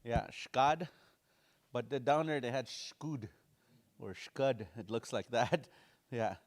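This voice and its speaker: A man teaching a language class in a relaxed way, repeating phrases slowly and making jokey asides. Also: mid-range voice. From Dakota community.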